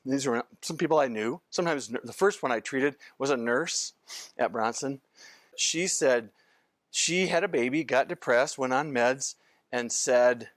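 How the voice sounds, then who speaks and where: An older man lecturing as a physician in a loose, story-driven way, wandering off mid-sentence and circling back. His pitch sits in an ordinary middle range. The sound is dry and close, with no room echo. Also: a little slow. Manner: rambling, anecdotal, often breaks off and restarts sentences. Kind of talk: informal training lecture.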